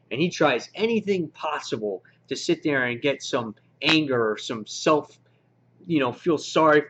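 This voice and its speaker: A man giving a casual, slangy spoken review of a comic book, excitable and quick to act out his own reactions. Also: medium pitch. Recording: dull lo-fi recording.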